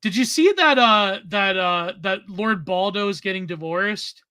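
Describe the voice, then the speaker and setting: A man's voice: high-pitched, unhurried, bright, forceful tone, clean tone, no echo. A young man co-hosting a casual podcast, chatty and trailing off with lots of filler. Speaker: podcast co-host. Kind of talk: casual livestream chat.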